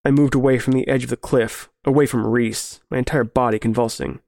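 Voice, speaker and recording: A man narrating a grim story in a measured, serious way. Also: medium pitch, steady tone, gravelly, a little mellow, no echo, clean studio sound. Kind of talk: scripted horror story narration.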